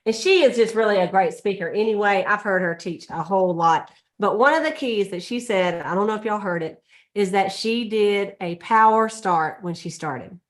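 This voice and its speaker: A woman's voice: medium pitch, normal speed. A middle-aged or older woman, leading a sales meeting in a casual, chatty way and acting out little scenes. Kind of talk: casual motivational talk.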